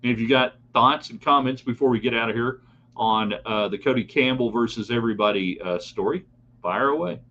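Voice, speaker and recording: A middle-aged man hosting a live sports talk broadcast, opinionated and animated as he reads listener comments and talks straight to his audience. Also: mid-range voice, highs cut off. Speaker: sports talk show host.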